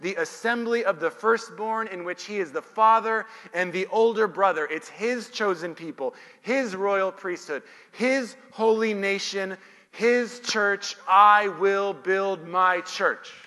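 High-voiced preaching man in a reverberant hall. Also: unhurried, fairly bright tone. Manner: emphatic preaching with rhetorical questions and answers. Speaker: pastor. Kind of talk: sermon.

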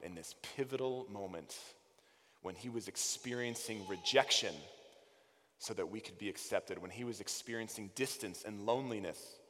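A man preaching a sermon, rising to loud emphasis and dropping to hushed quoted lines. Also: on the low side. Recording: long reverb of a large hall.

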